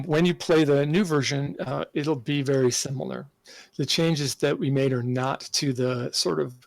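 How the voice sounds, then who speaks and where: A man speaks in a considered, halting manner, pausing often with fillers and restarting his sentences. His voice has a gravelly edge. The sound is dry and close, with almost no room around it. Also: mid-range voice, dry recording. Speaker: game designer guest. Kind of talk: podcast interview answer.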